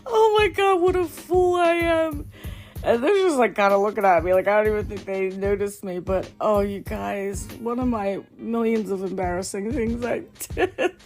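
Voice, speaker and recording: A woman hosting a podcast, telling embarrassing stories in a casual monologue, often laughing, her voice jumping high when she gets excited. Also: unhurried, faint music behind. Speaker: podcast host.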